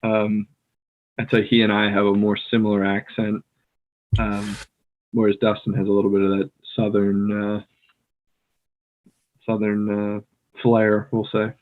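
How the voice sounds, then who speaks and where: An American man co-hosting a casual language-learning podcast, talking in a relaxed way with lots of fillers. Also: fairly low pitch, unhurried, long pauses. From United States. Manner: relaxed, filler-heavy, playfully mimics others. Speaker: podcast co-host, English native speaker. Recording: tinny phone-like call audio.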